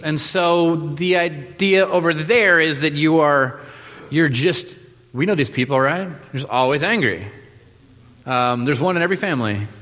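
A man's voice: fairly high pitch, a bit bright. Man preaching in a reverberant hall. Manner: casual, joking, many fillers and restarts. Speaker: pastor. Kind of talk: sermon.

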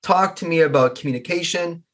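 Effusive male host with a husky voice. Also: a little high, brisk. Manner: effusive, affirming, reflective. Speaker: podcast host. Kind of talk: interview hosting.

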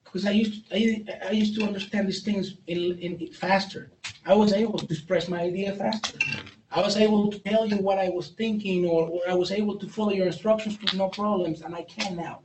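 Man, high-pitched, candid trainer who jokes and restarts often; distant mic, roomy hall, faint noise. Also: fairly even intonation, a little fast. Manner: candid, jokey, many restarts and stumbles. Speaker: speaker training police on brain injury. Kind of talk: training talk to a live audience.

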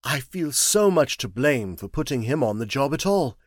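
A man's voice: mid-range voice, sing-song, moderate pace, no room sound, studio quality. A man voicing an anxious middle-aged male bank manager in an audiobook, speaking earnestly and with agitation. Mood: grieving. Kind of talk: audiobook character reading.

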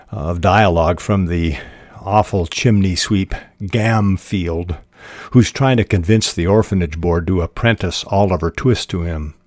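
Man, podcast host, measured and unhurried, low-pitched, dry close mic. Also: a little mellow, no room sound. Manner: slow, measured, with frequent uh fillers. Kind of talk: reading aloud and explaining.

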